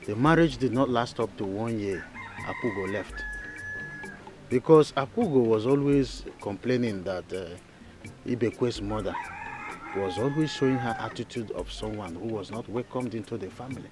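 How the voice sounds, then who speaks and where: Actor as a village elder, Nigerian English accent, measured telling, loud music behind. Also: male voice, on the low side, lightly acted. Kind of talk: storytelling.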